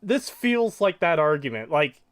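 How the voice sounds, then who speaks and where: A young man co-hosting a casual commentary podcast, joking and rambling and quick to laugh. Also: a little high, very animated. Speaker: podcast co-host.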